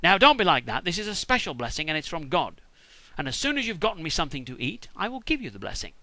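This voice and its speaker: A man's voice: a little high, sing-song, quick pace, bright, forceful tone, no room sound, heavily acted. A British man voicing a demanding, fussy old father who is blind and near death. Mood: coaxing.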